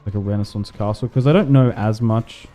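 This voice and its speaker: A man's voice: on the low side, brisk, warm tone. Man chatting as he streams a game. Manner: rambling, laughing often, lots of fillers. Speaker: gaming livestreamer. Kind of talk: casual chat while streaming a strategy game.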